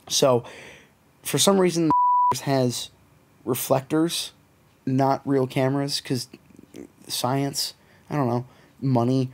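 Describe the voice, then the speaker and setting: Profane young Canadian man telling a story. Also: on the high side. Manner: profane, animated storytelling with quoted voices. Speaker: podcast co-host. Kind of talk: casual storytelling chat.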